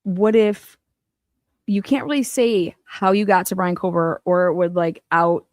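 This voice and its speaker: A woman giving casual true-crime commentary as she reads through documents, excitable and profane, swinging between low muttering and loud exclamations. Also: measured pace, no room sound, studio quality.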